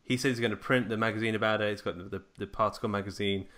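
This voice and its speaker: Male co-host, bright, forceful voice, rambling playful recaps. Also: lowish voice, fairly even intonation, rapid-fire. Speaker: podcast co-host. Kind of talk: casual film chat.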